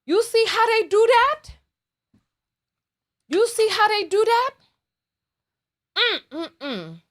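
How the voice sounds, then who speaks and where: A woman's voice: extremely high pitch, big pitch swings, drawn-out words, fairly bright tone. A woman hosting a casual live stream while doing her makeup, teasing viewers in a playful, dramatic way.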